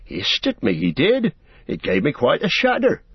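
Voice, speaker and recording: A man's voice: medium pitch, wildly swooping pitch, normal speed, slightly rough, no echo, pitched above the performer's own voice, full character voice. A man playing an old, folksy hobbit gardener. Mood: uneasy. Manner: folksy, rustic storytelling. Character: old male hobbit gardener, gossipy and uneasy. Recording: dull, dry lo-fi recording.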